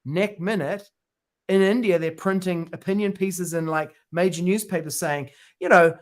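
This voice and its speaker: A man's voice: high-pitched, fairly even intonation, normal speed. A man co-hosting a podcast, chatting casually and telling stories with slang and mock quotes. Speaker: podcast co-host. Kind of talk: casual chat.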